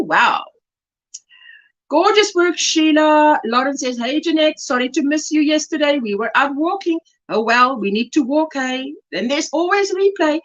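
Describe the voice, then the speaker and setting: A South African woman hosts a relaxed crochet livestream, chatting warmly and reading viewer comments aloud with delight. Her voice sits high, and the highs in the audio are cut off.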